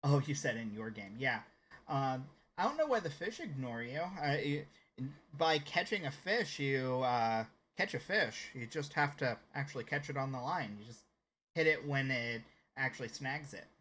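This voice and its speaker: He's a U.S. game streamer with a slight Southern lilt, talking casually to viewers, rambling and pausing often. The voice is medium in pitch and a bit bright, with lively intonation and a moderate pace over slight background noise.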